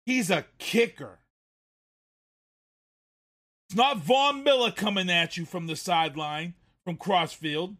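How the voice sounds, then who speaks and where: A man's voice: sits high, moderate pace, fairly bright tone. A man hosting a sports talk show, ranting in a heated way about a football play and repeating himself. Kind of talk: casual sports commentary.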